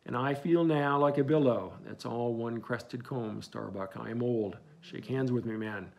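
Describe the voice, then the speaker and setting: A grim old one-legged whaling captain with a gravelly, rough-edged voice, as a male audiobook reader voices him. He talks in a brooding, solemn way at a middling pitch. It sounds like an audiobook reading. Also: unhurried, darkish tone, dull audio. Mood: mournful.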